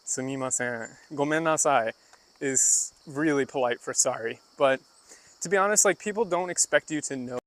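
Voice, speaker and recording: A man with a fairly high, expressive voice speaks at a normal speed, his tone a bit bright and the recording dry. He's casually live-streaming on a rural walk outdoors, chatting loosely with his chat, full of fillers and asides as he explains things.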